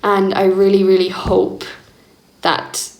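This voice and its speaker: Slow-talking young woman, echoey room. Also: mid-range voice, monotone. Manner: slow, candid and reflective, laughing often. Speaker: vlogger. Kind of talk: personal diary vlog.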